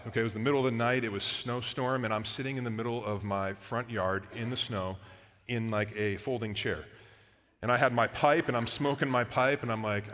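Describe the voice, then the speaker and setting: A man's voice: medium pitch, brisk, fairly bright tone. A man in his thirties, a pastor preaching a sermon in a casual storytelling way with frequent fillers. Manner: conversational, storytelling with filler words. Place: church auditorium. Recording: long hall reverb.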